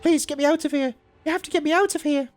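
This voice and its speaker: A man voicing a panicked young woman who screams and pleads frantically in a shrill voice. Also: steady tone, quick pace, faint music behind. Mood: hysterical.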